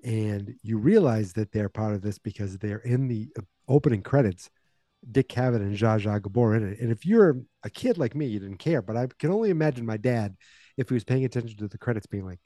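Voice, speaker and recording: Man, 40s, podcast host, casual chatty recap, warm mellow tone, dry close sound. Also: lowish voice, animated, brisk, dry recording, soft background music. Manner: chatty, wry, loose retelling with asides.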